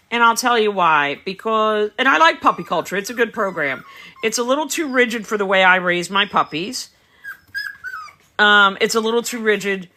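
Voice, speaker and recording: A woman's voice: mid-range voice, sharp tone. A middle-aged woman breeder chatting casually on a livestream beside her puppies, explaining her methods and answering viewer comments. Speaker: dog breeder. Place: home, beside a whelping box.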